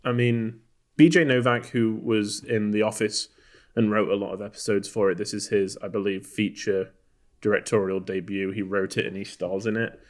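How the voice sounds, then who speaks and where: A man from Texas co-hosting a casual film podcast. His voice sits a little on the low side. He meanders through his points, full of "um" and "like", and keeps restarting his sentences. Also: steady tone, normal speed. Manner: rambling, many fillers and restarts. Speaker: podcast co-host.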